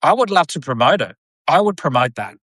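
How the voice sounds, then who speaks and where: A man's voice: fairly high pitch, big pitch swings, a little fast, fairly bright tone, dry recording. A man hosting a casual podcast chat, rambling with lots of fillers. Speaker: podcast host. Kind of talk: casual chat on a live video.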